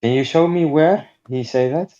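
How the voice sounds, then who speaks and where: A man's voice: fairly high pitch, moderate pace, dark tone, lo-fi sound. A man calling in to a live stream, answering hesitantly in short replies.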